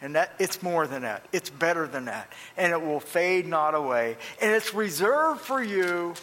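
An older man preaching in a church, with a high, bright voice that carries a long reverb. He tells his story in a folksy, lively way and repeats his phrases for effect. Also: measured pace. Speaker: pastor. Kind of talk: storytelling sermon.

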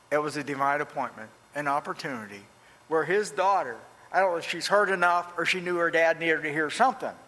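Older male pastor, folksy storyteller, bright voice in a reverberant church. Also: a little high. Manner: folksy, animated storytelling with repeated phrases. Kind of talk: storytelling sermon. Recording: long reverb.

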